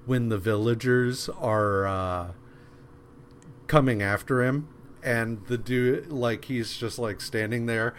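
A man casually recapping a comic book on a podcast, rambling and dropping into quick voiced asides. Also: medium pitch, a little hiss or hum. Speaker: podcast co-host.

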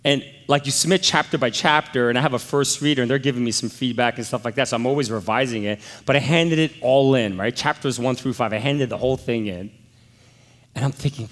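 A middle-aged man, a pastor, preaching a sermon and telling a personal story in an animated, exclamatory way. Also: mid-range voice, a little fast, big-room sound.

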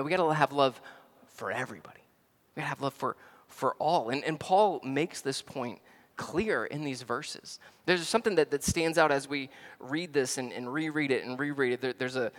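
A man from the American South with a Southern accent, preaching a sermon as pastor, stressing words loudly, dropping to quiet asides, and often restarting phrases. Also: mid-range voice, in a large hall. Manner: emphatic, swings between loud stresses and quiet asides.

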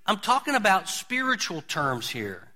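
High, bright-voiced man preaching folksy. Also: huge pitch swings, unhurried. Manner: folksy, conversational preaching with lots of repetition. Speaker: pastor. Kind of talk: sermon.

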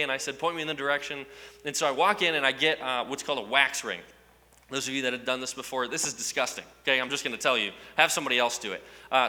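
A man with a very bright, piercing voice spins an animated, self-mocking story for a live audience and keeps pulling them in with questions. His voice rings out with a long reverb from a large hall. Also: medium pitch. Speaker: speaker addressing a live audience.

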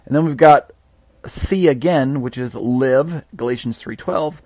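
A man leads a live Bible study, explaining step by step with frequent fillers and restarts. His voice sits at a middle pitch. The sound is dry and close, with no room echo. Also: measured pace, dark tone.

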